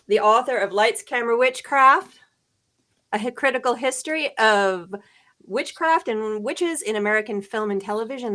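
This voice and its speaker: A woman's voice: medium pitch, fairly bright tone. A woman author and editor introducing herself plainly, with small self-corrections. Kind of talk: casual chat on a livestream.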